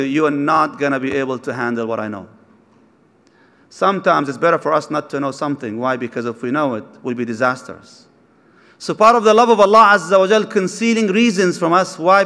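A man preaching a sermon, telling a story and acting out its dialogue, with recited verses mixed in. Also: sits high. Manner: animated, acts out dialogue, mixes in recited verses. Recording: long hall reverb.

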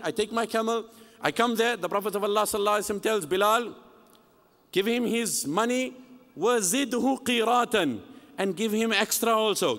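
A man giving a sermon, telling a story with animated acted-out dialogue. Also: sits high. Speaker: preacher. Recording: long hall reverb.

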